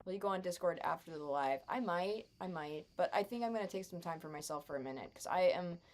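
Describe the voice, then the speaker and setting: A woman's voice: on the low side, animated, fast talker, a little mellow. A young adult woman chatting casually with her live stream chat while gaming, sarcastic and chatty.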